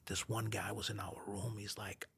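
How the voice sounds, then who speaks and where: A man, a podcast guest, telling a story in an animated way, dropping to a hushed whisper for quoted lines and laughing as he goes. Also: lowish voice, normal speed, gravelly, slightly rough.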